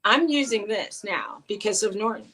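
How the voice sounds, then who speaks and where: A woman's voice: mid-range voice, lively intonation, moderate pace, pushed and bright, rough recording. A middle-aged woman co-hosting a casual live-stream chat, telling rambling stories and quoting the people in them. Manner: chatty storyteller, quotes people in her stories. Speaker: co-host.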